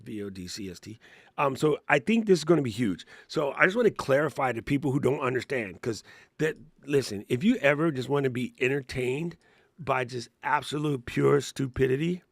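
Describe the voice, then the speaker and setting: In a studio-quality, dry recording, this middle-aged podcast co-host talks tech and creator topics casually, explaining step by step and laughing along the way. He speaks fairly quickly in a mid-range voice with lively intonation and some vocal fry.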